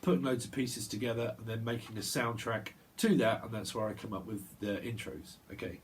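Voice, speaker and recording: A man reads tarot by himself on video, his mid-range voice steady in tone and a little fast. He talks in a loose, intuitive ramble, repeating sounds and laughing quietly to himself.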